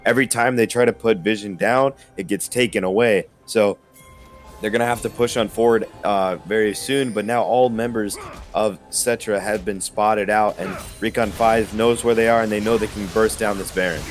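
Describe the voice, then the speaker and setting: A man giving steady, measured analysis as an esports color commentator, somewhat hoarse from losing his voice. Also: on the low side, faint music behind.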